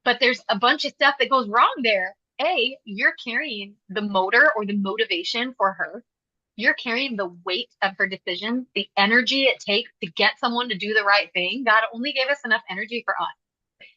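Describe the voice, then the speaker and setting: Bright, emphatic woman podcast host. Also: a little high, moderate pace, dry recording, muffled recording. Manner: emphatic, direct, explanatory. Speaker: podcast host and parenting coach. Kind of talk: podcast teaching talk.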